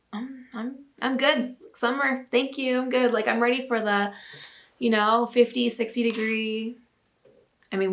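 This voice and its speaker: A young woman with a mid-range, slightly bright and creaky voice hosts a casual talk segment. Bubbly and chatty, she reads viewer submissions aloud and fills her speech with plenty of filler words.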